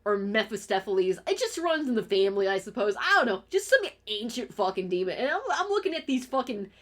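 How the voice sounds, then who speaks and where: A woman's voice: medium pitch, very animated, fairly quick, a little hiss or hum. A woman streamer in a casual, profane rant, heated and exasperated, firing off complaints with restarts. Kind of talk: casual ranting commentary.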